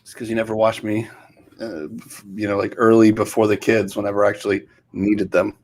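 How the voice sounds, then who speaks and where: A man's voice: lowish voice, little pitch movement, brisk, darkish tone. Easygoing middle-aged man, rambling chat. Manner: rambling, easygoing, casual storyteller. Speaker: podcast co-host. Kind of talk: casual chat.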